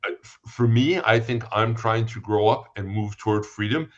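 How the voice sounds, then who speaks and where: A man's voice: lowish voice, normal speed, muffled recording. A man, a psychic guest in a casual interview, telling anecdotes and acting out the people in them. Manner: storytelling, acts out quoted dialogue.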